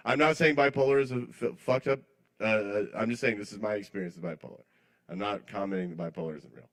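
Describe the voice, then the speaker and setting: A man's voice: mid-range voice, a little fast, fairly bright tone. Open-mic comic, male; rambling, self-mocking, chuckles at his own bits, live in a small bar. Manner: rambling, self-deprecating, apologizes to the crowd. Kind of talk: live stand-up comedy.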